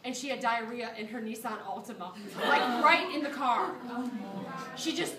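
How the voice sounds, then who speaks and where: High-voiced lady teacher telling a story to her class, lots of laughing, echoey room, filmed from the back. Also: normal speed, recorded from a distance, heavy background noise. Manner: animated, laughing, acts out quotes. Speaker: microbiology teacher. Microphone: phone camera from a student's seat.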